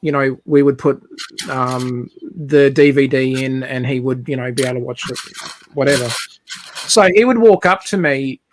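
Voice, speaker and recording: A man's voice: mid-range voice, normal speed, slight background noise. A man telling a long, rambling story in casual chat, speaking over a video call.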